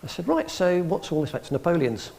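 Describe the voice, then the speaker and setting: A man's voice: a little high, huge pitch swings, fast talker, vocal fry, darkish tone. A middle-aged English man, an antiques expert, giving a talk to a live audience in a public hall, telling dry humorous anecdotes and acting out the dialogue. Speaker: guest speaker, antiques expert.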